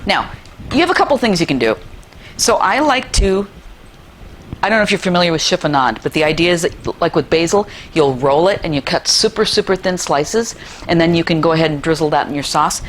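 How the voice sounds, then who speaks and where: A woman's voice: on the low side, animated, a little fast, a little hiss or hum. A middle-aged woman hosting a cooking show in her kitchen, chatty and enthusiastic, with playful asides as she demonstrates a recipe.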